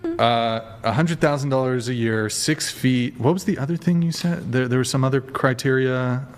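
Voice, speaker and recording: A man's voice: mid-range voice, normal speed. A man hosting a podcast chat, blunt and profane, teasing his guest. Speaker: podcast host.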